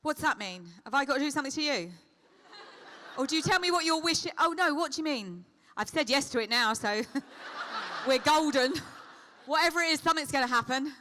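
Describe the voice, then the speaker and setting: Bright chatty woman with a high voice. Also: brisk, a little hiss or hum. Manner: chatty, warm endearments, lively anecdotes. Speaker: guest answering fan questions. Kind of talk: convention Q&A storytelling.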